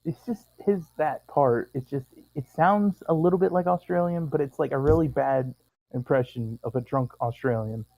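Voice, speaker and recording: A man's voice: medium pitch, moderate pace, vocal fry, highs cut off. A man in casual chat, laid-back and a little hesitant.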